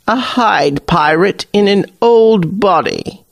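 The Hag Queen, an old and menacing tavern ruler, as a male reader puts her on, speaks slow and high. Every word is drawn out with a cold, piercing edge. It is a storybook figure in a very dry, close-up reading. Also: expressive, creaky, no room sound, exaggerated voice.

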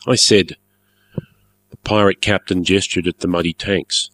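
A man narrating a story in a measured, formal, wry manner. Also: low-pitched, steady tone, a bit bright, dry recording.

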